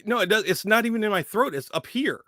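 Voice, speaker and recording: A man, a voice actor guest, chatting in an animated, playful way during an interview. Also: sits high, fast talker, dry recording, clean studio sound. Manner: animated, laughing, playful storyteller. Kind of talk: casual interview chat.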